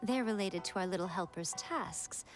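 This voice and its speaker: A woman's voice: mid-range voice, normal speed, faint music behind, natural voice. An actress playing a sly, elegant woman in a game who talks in a teasing, languid way. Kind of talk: video game voice acting.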